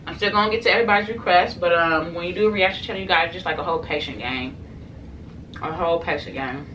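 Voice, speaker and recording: A young woman who hosts a mukbang and reaction channel chats to camera on her eating show, rambling casually to her viewers with many fillers. Her voice is fairly low, fast, and a bit bright, but the recording is muffled, with a slightly distant mic and faint room noise.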